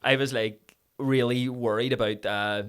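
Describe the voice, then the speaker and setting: A young man in his twenties, an actor guest in a casual podcast chat, telling animated stories and swearing now and then. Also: mid-range voice, measured pace, clean tone. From Ireland. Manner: animated storyteller, swearing, acts out voices.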